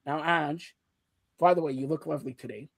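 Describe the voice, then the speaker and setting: A man hosting a casual sports talk show, loud and teasing, joking with his co-hosts. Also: fairly high pitch, fairly quick, no room sound. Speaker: show host.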